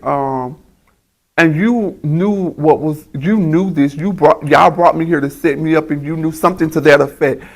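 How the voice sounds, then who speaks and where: Reality cast member, man, gravelly and slightly high, sassy confessional storyteller. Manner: storytelling, acting out both sides with sass. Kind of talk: confessional retelling.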